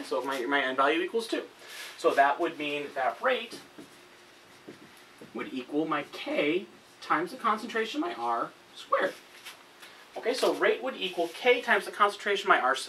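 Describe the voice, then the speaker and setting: His voice high-pitched, sing-song, and a bit bright, a male chemistry teacher talks at normal speed through a casual whiteboard lesson. He keeps correcting himself and checking in with "okay?", while a camera mic across the classroom records him along with faint room hiss.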